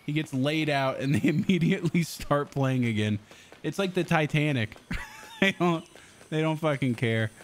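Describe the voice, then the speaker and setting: A young man casually commenting on his gameplay as a streamer, excitable and swearing often. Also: fairly high pitch, normal speed, a little hiss or hum.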